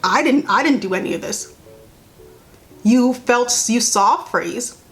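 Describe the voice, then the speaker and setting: A woman's voice: a little high, lively intonation, a little slow. A young woman vlogging casual commentary while doing her makeup, blunt, sarcastic and exasperated.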